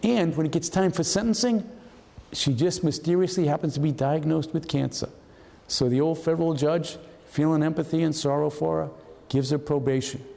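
A man's voice: a little high, moderate pace, vocal fry, big-room sound. A man in his seventies, a retired agent giving an anecdotal talk, acting out the voices of people in his stories. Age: 70s. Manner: lively storyteller who acts out quoted voices. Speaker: retired FBI agent guest speaker. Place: hall at a historical society event.

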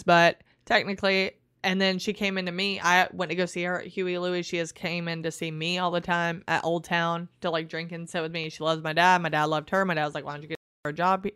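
A woman telling a long personal story in casual podcast chat, profane and animated, full of likes. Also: low-pitched, smooth, no echo.

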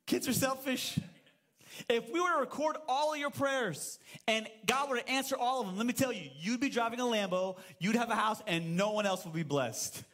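A man's voice: very high voice, a little fast, hardly any pauses, a bit bright. A man in his thirties preaching a sermon as pastor at a church service, telling stories with playful acted-out voices and humor.

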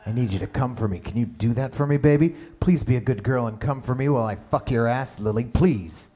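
A man reading the part of a tender, encouraging male lover in an amateur audio story, murmuring softly and reassuringly. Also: fairly quick, natural voice. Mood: soothing. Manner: low murmuring, soft and reassuring.

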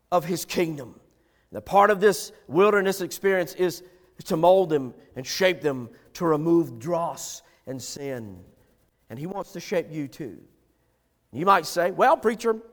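High-voiced preacher in a reverberant hall. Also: male voice. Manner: emphatic preaching, repeats phrases for stress. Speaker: pastor. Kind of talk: sermon.

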